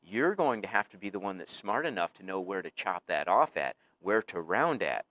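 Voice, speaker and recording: Low-voiced man lecturing casually. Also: sing-song, moderate pace, a bit bright, dry recording. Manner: casual, conversational explaining with many fillers. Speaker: teacher. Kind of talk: recorded class lecture.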